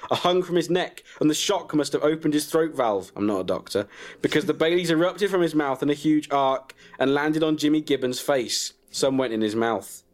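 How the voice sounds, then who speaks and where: A man narrating a comic story in a deadpan way, chuckling at his own jokes. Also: on the high side, normal speed. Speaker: comedian storyteller.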